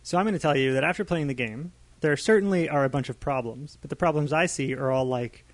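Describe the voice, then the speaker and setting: Calmly arguing podcast man. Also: a little high, fast, no echo. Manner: reasoning, calmly arguing back. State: married. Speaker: podcast co-host. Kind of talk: casual podcast discussion.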